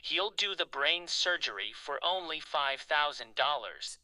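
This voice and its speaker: A man's voice: on the high side, expressive, measured pace, pushed and bright, no room sound, voice pushed down, exaggerated voice. A man putting on a laid-back, unbothered male buddy on the phone. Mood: casual.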